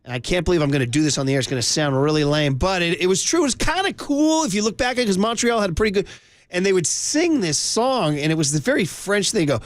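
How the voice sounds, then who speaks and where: Animated sports radio host, a man with a high voice, dry studio sound. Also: fast talker, no echo. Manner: animated, chatty.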